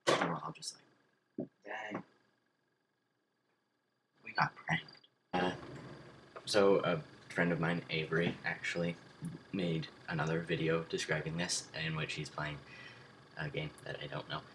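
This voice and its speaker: Deep-voiced young man telling a story. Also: moderate pace, long pauses, slight background noise, poor audio. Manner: animated retelling, acting out quoted voices. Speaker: student vlogger. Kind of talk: casual storytelling.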